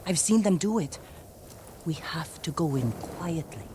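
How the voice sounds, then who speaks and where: An actress playing a tough young peasant thief, blunt and pragmatic, in a game scene. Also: female voice, low voice, expressive, a little slow, background noise. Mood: urgent. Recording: game clip with music behind.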